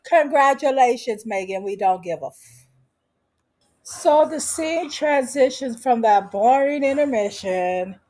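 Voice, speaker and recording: A woman's voice: high voice, expressive, measured pace, darkish tone. Sassy, slangy woman recapping a show. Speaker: vlogger.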